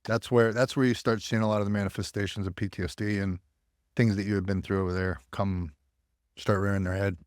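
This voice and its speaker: An American army veteran, guesting on a podcast, tells his story candidly and bluntly with plenty of swearing, acting out the voices he quotes. His voice is on the low side, a little fast, with little pitch movement, recorded clean in a studio with no echo.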